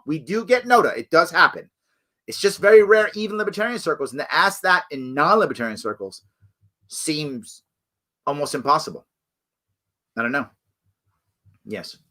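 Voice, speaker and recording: A man hosting a live ask-me-anything stream, talking casually with many restarts and jumping up in pitch when he acts out other people. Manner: animated, acts out quoted voices with big jumps in pitch; frequent restarts and self-corrections. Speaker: host answering live chat questions.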